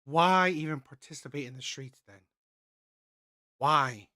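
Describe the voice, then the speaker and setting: A man's voice: on the high side, measured pace, sharp tone, slight background noise. A man hosting a reaction channel, commenting on a clip with indignant rhetorical questions.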